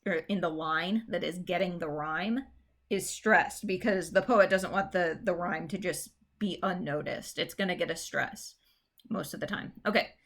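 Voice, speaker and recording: An English teacher with a fairly low, slightly bright voice records a lesson on poetic meter. She explains patiently and reads verse lines aloud, drawing out the stressed beats.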